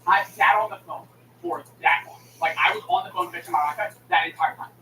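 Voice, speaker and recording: A man's voice: high voice, a little fast, bright, forceful tone. A man streamer in a casual, heated rant, swearing and acting out both sides of a phone call. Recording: echoey room mic from a distance with noise.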